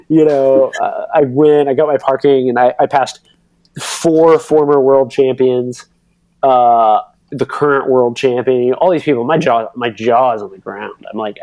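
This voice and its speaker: A man's voice: mid-range voice, unhurried, no echo. Guy in his 30s rambling through a race story on a podcast, fillers everywhere, super dry close mic. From United States. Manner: animated, rambling, lots of fillers and quoted voices. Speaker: podcast guest, pro cyclocross racer. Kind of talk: casual storytelling.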